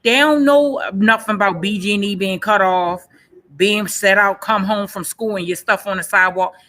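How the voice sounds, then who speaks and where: A woman's voice: mid-range voice, normal speed, pushed and bright. A woman in her forties speaking earnestly about her own life. She talks emphatically and repeats her key phrases. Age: 40s. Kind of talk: personal testimony in a panel session.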